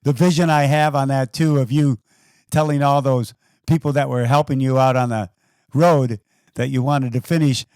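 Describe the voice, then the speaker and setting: A man's voice: mid-range voice, fairly even intonation, moderate pace, a little mellow, clear, resonant tone, no echo, studio quality. A man hosting a podcast, interviewing his guest in an encouraging way. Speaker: podcast host.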